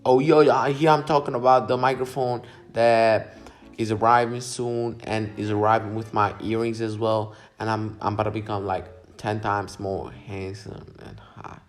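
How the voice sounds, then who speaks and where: A man's voice: on the low side, little pitch movement, moderate pace, faint music behind. A young man vlogger casually commenting on his own silent video, laid-back, swearing and mocking himself.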